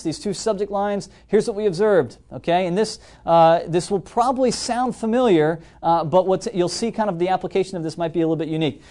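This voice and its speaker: An energetic man hosting a live marketing webinar, addressing the audience directly and often checking in with "okay?". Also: high-pitched. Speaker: webinar host.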